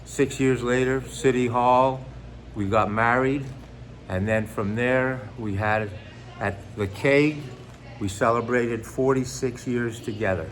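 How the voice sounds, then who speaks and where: A man's voice: mid-range voice, steady tone, slow, slight background noise. An older man, a stand-up comedian, chatting casually and jokily in an interview, rambling with many asides. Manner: rambling, jokey, full of fillers and asides.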